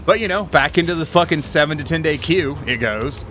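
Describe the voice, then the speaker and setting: A man's voice: a little high, lively intonation, brisk, a bit bright, a little hiss or hum. A man streaming a game, telling rambling, profane work stories in casual chat. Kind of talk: casual chat while gaming.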